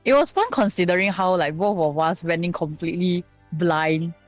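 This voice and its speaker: A woman's voice: on the low side, normal speed, no echo, soft background music. A woman co-playing a game on stream, answering in short, laid-back remarks. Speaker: co-player. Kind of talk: casual let's-play chat.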